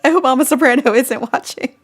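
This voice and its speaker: A woman's voice: high voice, fast talker. Chatty, giggly woman vlogger. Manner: chatty and giggly, answering viewer comments. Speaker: vlogger hosting a live chat. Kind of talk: casual live-stream chat.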